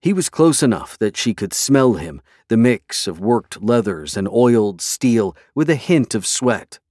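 A man narrating a fantasy novel in a measured, even storytelling way. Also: lowish voice, dry recording, clean studio sound. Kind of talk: scripted fantasy audiobook narration.

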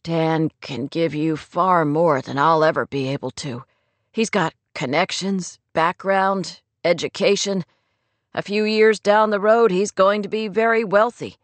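A woman's voice: measured pace, dry recording, lightly acted. A woman voicing a troubled young man in love. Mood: tender. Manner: low, subdued, husky.

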